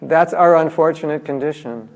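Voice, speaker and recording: A man's voice: fairly high pitch, normal speed. A man giving a spiritual class, talking in a casual, humorous way and acting out little quotes. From United States. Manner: conversational, humorous, acts out quotes. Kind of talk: lively scripture lecture. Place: large temple hall. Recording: reverberant hall.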